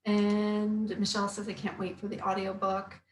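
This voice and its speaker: On a casual live stream, an upbeat, talkative woman who sounds like a health coach and author reads viewer comments aloud and tosses in quick asides. Her middle-pitched voice has a roomy echo, yet her delivery is completely flat. There's a little hiss or hum in the background.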